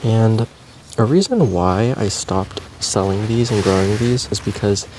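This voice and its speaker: A man vlogging about plant care in a relaxed, meandering casual chat while potting plants, with frequent ums and likes. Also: lowish voice, unhurried, noisy background.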